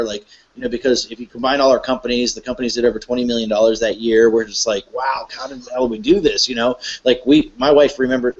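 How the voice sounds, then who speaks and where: A man, a guest speaker, telling a personal story to an audience in a halting way full of fillers and restarts. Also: mid-range voice, muffled recording.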